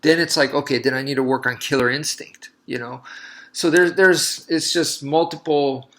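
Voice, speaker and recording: A man's voice: fairly high pitch, steady tone, moderate pace, a bit bright. A man, a martial artist, talking casually and telling a long story in a loose, rambling way with many restarts.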